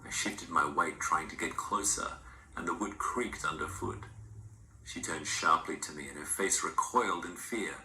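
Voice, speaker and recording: A man giving scripted horror narration in a hushed, often whispered delivery. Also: sits low, moderate pace. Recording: roomy echo, faint ambience.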